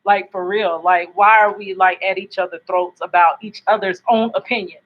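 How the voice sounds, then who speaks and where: A woman's voice: medium pitch, steady tone, moderate pace, lo-fi sound. A woman vlogger chatting casually to camera from home at night, rambling and laughing often. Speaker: YouTube vlogger. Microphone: laptop built-in mic.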